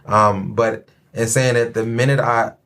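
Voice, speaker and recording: Male podcast host, relaxed and joking, mid pitch. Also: unhurried. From Chicago. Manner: laid-back, joking, repeats himself. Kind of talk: casual chat.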